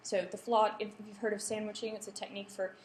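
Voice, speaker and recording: A woman's voice: mid-range voice, little pitch movement, fast, darkish tone. A woman giving a lecture to students, often checking in with the room and polling the audience. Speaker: workshop presenter. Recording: echoey room, faint background hum.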